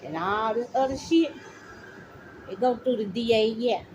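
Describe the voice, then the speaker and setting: A woman's voice: fairly high pitch, a little slow, a little mellow, a little hiss or hum, low-quality recording. Accusing, indignant middle-aged woman. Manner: accusing, repeats her points, addresses officials directly. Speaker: mother speaking out. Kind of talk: angry direct-to-camera rant.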